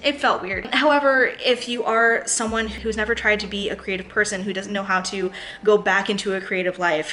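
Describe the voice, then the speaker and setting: A young woman chatting to camera about books she read, talking in quick asides and laughing often. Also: medium pitch, a bit bright. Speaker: book vlogger. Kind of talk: casual chat to camera.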